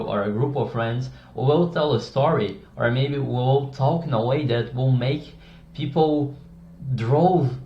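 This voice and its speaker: A man's voice: vocal fry, a little hiss or hum. Guy explaining how to talk so people listen, casual, dull lo-fi sound, roomy echo. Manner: demonstrates tones, drops voice low and soft for examples. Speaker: communication tips presenter. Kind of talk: casual explanatory video lesson. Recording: echoey room, dull lo-fi sound.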